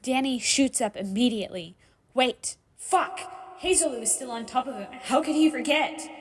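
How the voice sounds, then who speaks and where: A woman reading fan fiction aloud in dramatic story narration, expressive and sometimes dropping to a hushed whisper. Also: sits high, moderate pace, husky. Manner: expressive, drops to hushed whispers in tense moments. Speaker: fanfiction reader.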